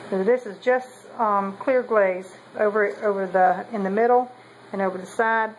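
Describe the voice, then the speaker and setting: A woman's voice: medium pitch, steady tone, moderate pace, slight background noise, rough recording. A woman, talking casually in a meandering way with many ums and self-corrections as she shows her pottery. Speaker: potter showing kiln results. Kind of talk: casual show-and-tell vlog.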